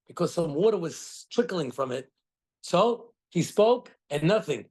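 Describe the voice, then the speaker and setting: Rabbi telling a Torah story. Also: male voice, a little high, normal speed, slightly rough. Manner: animated storytelling with acted quotes. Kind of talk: Torah class.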